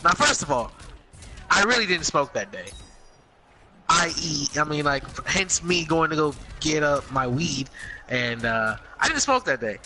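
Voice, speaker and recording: A man's voice: on the high side, expressive, unhurried. A young man telling a story on a podcast in casual, profane chat, acting out quotes. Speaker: podcast co-host. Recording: noisy home podcast recording.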